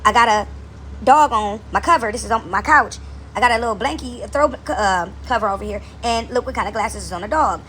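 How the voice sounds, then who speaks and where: Fast-talking woman telling a rambling story. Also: on the high side, a bit bright, slight background noise. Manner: rambling, repeats words, fills with "right?". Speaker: vlogger. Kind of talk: casual storytelling to camera. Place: on a couch at home.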